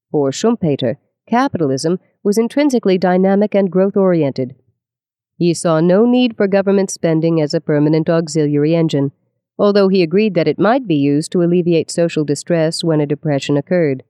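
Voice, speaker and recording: A narrator giving a measured, scripted nonfiction audiobook reading. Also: medium pitch, mellow, clean tone, dry recording, studio quality.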